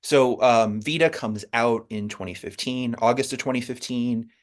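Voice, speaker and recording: A man's voice: medium pitch, steady tone, normal speed. A man, a comics writer as a guest, telling his story in a rambling way with many fillers and restarts. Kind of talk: conversational interview.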